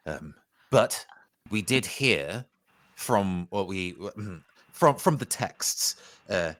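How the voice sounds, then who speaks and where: Slow, soft-spoken man playing a tabletop game. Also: sits low, no room sound. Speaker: player.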